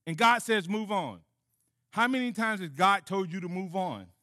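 In a sermon delivered at moderate pace, this pastor's high, bright voice stays lively and direct as he dramatizes conversations between God and those listening. The animated preaching gives way to a soft closing prayer at the end.

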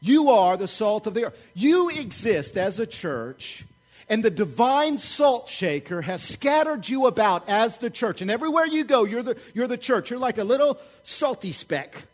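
A man delivers a lively sermon as pastor, his voice sitting high for a man. He preaches with fired-up energy, keeping it conversational and checking in with the congregation as he goes. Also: moderate pace.

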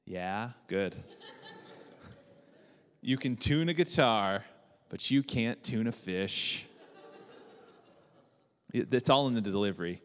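A man preaching a sermon as pastor, relaxed and joking, with many fillers and restarts. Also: fairly low pitch, slow, long pauses, big-room sound.

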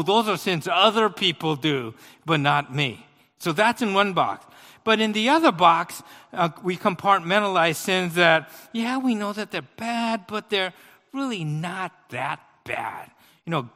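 A man preaching a sermon, telling a personal story with big swings between loud outbursts and quiet asides. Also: sits high, in a large hall.

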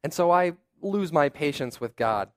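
A young man preaches in a relaxed, conversational way, mixing personal stories with quick asides. His voice sits a little high for a man. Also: clean tone. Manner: conversational, self-deprecating storytelling with asides. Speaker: pastor. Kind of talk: sermon.

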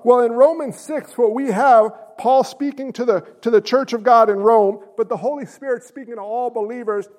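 A man preaching a sermon to his congregation, asking rhetorical questions, swinging between quiet asides and shouted emphasis, and sounding winded. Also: very high-pitched. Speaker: pastor. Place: church sanctuary.

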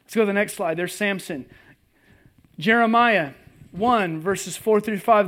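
A pastor with a notably high voice preaching to a live congregation. He tells stories with humor, dropping to a hush and then rising to loud bursts. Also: a little slow, pauses often. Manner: animated, humorous, swings between hushed and loud. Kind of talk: sermon with personal storytelling. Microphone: presentation with slides, live audience.

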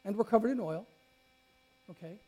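A man preaching a sermon as a pastor, telling a personal story with lively swings from loud to quiet and frequent restarts. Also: sits high, normal speed, husky.

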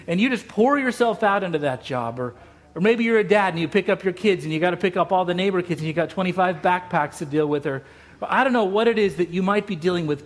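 A middle-aged man from Utah preaching a sermon, telling stories with emphatic, repeated phrases. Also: high voice. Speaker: pastor.

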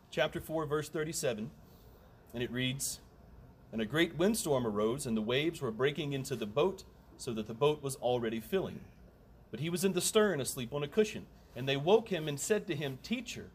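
A man's voice: on the high side, expressive, moderate pace, slight background noise. A man preaching a sermon in a conversational way, with humorous asides and emphatic repetition.

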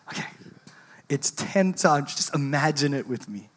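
Unhurried, animated speaker telling a parenting story to an audience of parents. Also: medium pitch. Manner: animated, laughs through the story.

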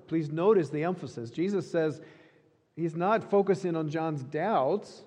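A pastor preaching a sermon in an earnest, emphatic way, repeating key phrases. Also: male voice, fairly high pitch, a little slow, a little mellow, big-room sound.

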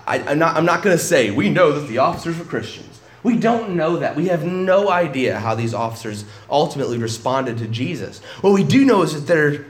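A man's voice: fairly high pitch, reverberant. A male pastor preaching a sermon in an emphatic, conversational way, often breaking off and restarting his sentences.

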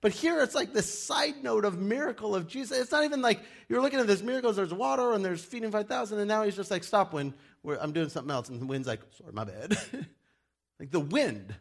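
A man's voice: expressive, a little fast, creaky. A man who is a pastor, preaching a casual, joking sermon in a church and acting out the people he quotes. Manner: chatty and joking, acts out quoted people in loud high voices.

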